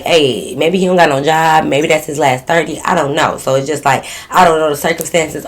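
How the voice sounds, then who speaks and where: A woman vlogger casually telling a story straight to her viewers, chatty and full of "like" and "y'all". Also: sits low.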